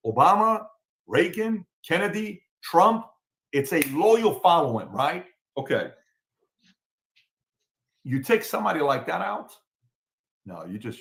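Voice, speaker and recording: A man's voice: on the high side, fairly bright tone. A man from the Middle East with a Middle Eastern accent, hosting a casual political talk show and repeating his points emphatically. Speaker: show host.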